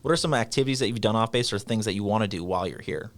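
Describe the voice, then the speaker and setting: A man hosting a casual interview podcast, upbeat, quick with questions and laughing along. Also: lowish voice. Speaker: podcast host.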